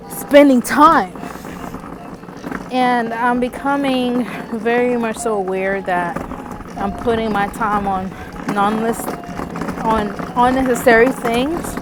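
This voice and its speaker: Woman vlogger, slow unhurried delivery, winded, earnest chat outdoors with clear street noise behind. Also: medium pitch. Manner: earnest, loose, addresses viewer as sis and girl. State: out of breath. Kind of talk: casual faith talk to camera.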